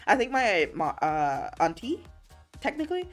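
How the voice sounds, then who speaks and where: A woman streamer chatting casually and playfully. Her voice leaps up and down, and she laughs through her lines while reading out chat messages and teasing her viewers. Faint music plays quietly behind her. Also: medium pitch, wildly swooping pitch, moderate pace. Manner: laughs often, reads chat aloud and answers it. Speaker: livestreamer.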